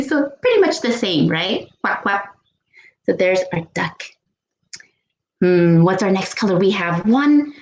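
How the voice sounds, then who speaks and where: A woman hosting a children's storytime, speaking slowly and playfully in a fairly high voice. She gasps with surprise and makes animal sounds as she goes. Her voice echoes in the room. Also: a little mellow. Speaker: children's librarian.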